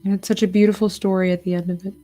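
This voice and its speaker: A woman streaming while she paints, chatting casually and retelling a children's story in an animated way. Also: medium pitch, very fast. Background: faint music.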